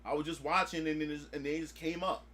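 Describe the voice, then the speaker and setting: A man streaming a casual chat, excitable and swearing freely, acting out his own past reactions. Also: on the high side, fast talker. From United States.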